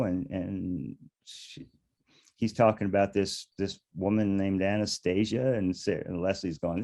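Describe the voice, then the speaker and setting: An older man with a low, warm voice tells his stories as an interview guest. He rambles along, chuckles, and often restarts his sentences. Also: a little slow. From United States. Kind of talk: casual storytelling interview.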